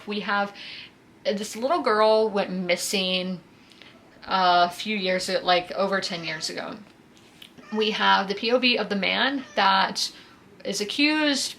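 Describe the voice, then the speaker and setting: A book vlogger in her twenties from South Carolina chats casually about her weekly reading, filling her speech with "you know" and "um." Her voice is medium-pitched with a fairly bright tone, and there's slight background noise.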